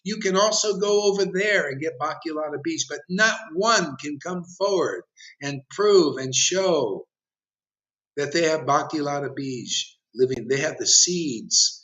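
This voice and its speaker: Bright-voiced man preaching provocatively. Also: fairly high pitch, measured pace. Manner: provocative, challenging listeners directly. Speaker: spiritual teacher. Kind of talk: impassioned sermon. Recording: dull lo-fi recording.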